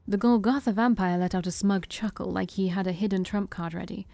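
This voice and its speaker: A woman reads a visual novel aloud for her stream in steady narration, now and then stumbling on a word. Her voice is mellow and warm, recorded dry and close, with faint music underneath. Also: medium pitch, a little fast, gravelly, few pauses, dry recording. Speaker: let's-play streamer.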